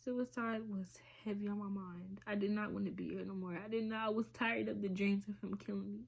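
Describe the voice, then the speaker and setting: A woman talking in a halting, emotional way on a personal confessional vlog, often dropping to a whisper. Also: medium pitch, fairly even intonation, vocal fry. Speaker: vlogger.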